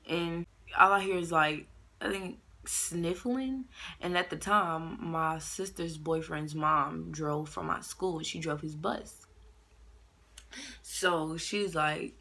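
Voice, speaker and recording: A young woman tells a long storytime straight to camera, loose and slangy. Her voice is bright and a little low-pitched, and she jumps up into sharper voices when she quotes people. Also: unhurried, creaky. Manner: animated, slangy, acts out quotes in raised voices. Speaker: vlogger. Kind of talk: casual storytime monologue.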